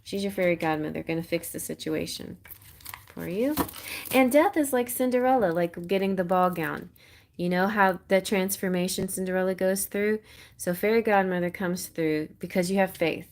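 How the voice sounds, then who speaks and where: A woman's voice: on the low side, normal speed, a little mellow. A woman giving a live-stream tarot reading in a chatty, encouraging way, laughing often. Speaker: tarot reader.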